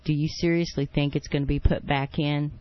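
A man's voice: on the high side, flat delivery, brisk, no room sound, lo-fi sound. A man co-hosting a talk radio show, earnest and insistent, and losing his voice.

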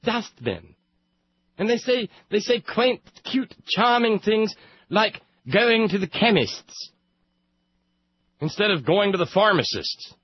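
A man's voice: medium pitch, huge pitch swings, slow pace, slightly rough, dry recording, muffled recording, exaggerated voice. A man putting on a phony posh Briton. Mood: mocking posh. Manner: affected, exaggerated mock-British. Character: phony posh British man, smug and prissy.

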